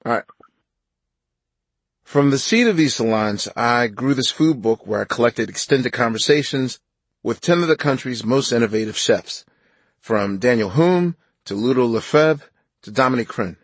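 A man narrating his own nonfiction audiobook in a measured, reflective way. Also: mid-range voice, animated, breathy edge, no echo.

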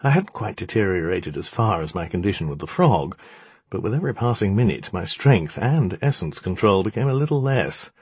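A man's voice: low voice, sing-song, fairly quick, a little mellow, breathy edge, no room sound. A man narrating a story in a wry, dramatic storytelling manner. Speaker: audiobook narrator. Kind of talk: scripted narration.

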